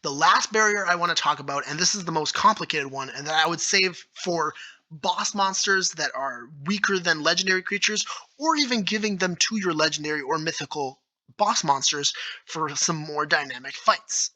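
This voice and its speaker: Bright-voiced man explaining game rules. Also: fairly high pitch, moderate pace, rough recording. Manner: enthusiastic, thinking aloud with fillers and restarts. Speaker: YouTube creator. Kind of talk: solo commentary on game rules.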